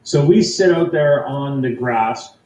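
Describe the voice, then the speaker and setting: A man's voice: medium pitch, slow, muffled recording, a little hiss or hum. Canadian man telling a story over distant, echoey audio. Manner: excited, rambling with fillers and restarts. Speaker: guest. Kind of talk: animated personal storytelling.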